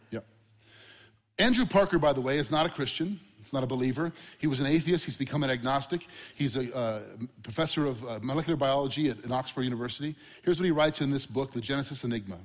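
A man preaching a sermon to a congregation, conversational and animated with asides and questions to the room. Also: mid-range voice, in a large hall. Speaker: pastor.

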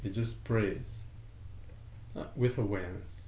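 A man teaching a breathing lesson in a calm, conversational way, acting out little dialogues as he explains. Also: fairly low pitch, a little slow. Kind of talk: relaxed spoken lesson with a student. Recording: echoey room with faint ambient noise.

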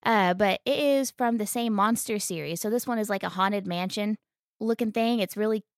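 A woman's voice: medium pitch, moderate pace, no room sound, studio quality. A woman co-hosting a casual podcast, talking in an enthusiastic, teasing way. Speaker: podcast co-host.

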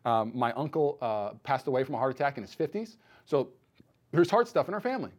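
A man in his thirties preaching a sermon as pastor, telling a personal story with animated acted-out dialogue. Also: mid-range voice, fairly quick. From United States. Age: 30s. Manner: animated storytelling, acts out quoted voices.

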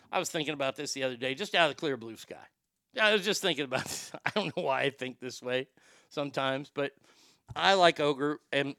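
Male host, profane rambling comic rant, tense bright voice, dry close sound. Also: mid-range voice, clean tone, dry recording. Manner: crude, rambling, stammers and repeats words. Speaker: show host.

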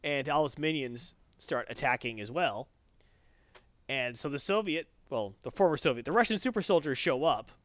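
A man casually recapping a comic book story on a podcast, acting out the characters' lines in quick voices. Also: mid-range voice, lively intonation, a bit bright, no echo. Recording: dull lo-fi dry recording.

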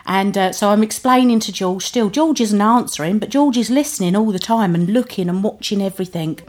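A woman's voice: mid-range voice, brisk, a little mellow. Earnest British woman telling her story. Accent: British English. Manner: earnest, plain-spoken, emotional. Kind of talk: first-person storytelling. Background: music underneath.

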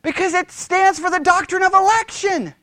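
A Bible teacher giving a conversational sermon, animated and exasperated, who mocks his opponents in raised voices. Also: extremely high pitch, normal speed, dry recording, studio quality.

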